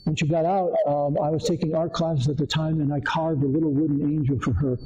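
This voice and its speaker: A man's voice: a little high, fairly even intonation, fairly quick, mellow, dull audio. Older man giving a rambling slide talk. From Connecticut, USA. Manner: rambling, anecdotal, frequent fillers. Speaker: artist giving a seminar talk. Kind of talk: presenting slides to a live audience. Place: community arts center meeting room.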